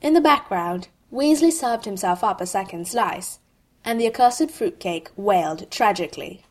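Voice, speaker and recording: Wry, expressive woman reading a story. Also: medium pitch, normal speed. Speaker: narrator. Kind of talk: reading fan fiction aloud.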